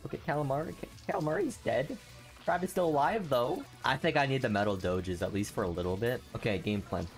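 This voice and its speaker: A man talks through a video game as he plays it, his voice climbing and dropping in lively swings. He grumbles and swears in a loose, slangy way, with faint game music running underneath. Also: medium pitch, fairly quick. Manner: excitable, grumbling then cheering loudly. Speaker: video game channel host. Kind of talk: live gameplay commentary.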